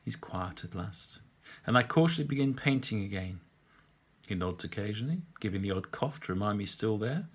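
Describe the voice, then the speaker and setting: A man's voice: lowish voice, animated, a little fast, breathy edge. A middle-aged man reading his own story aloud with dry, wry humour. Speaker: author reading his book. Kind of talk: storytelling narration.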